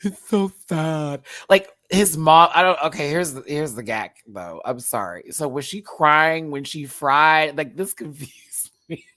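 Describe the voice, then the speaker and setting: A woman's voice: deep voice, animated, unhurried, a bit bright, no echo. A woman hosting a live recap show, ranting casually and expressively, laughing often and swearing freely.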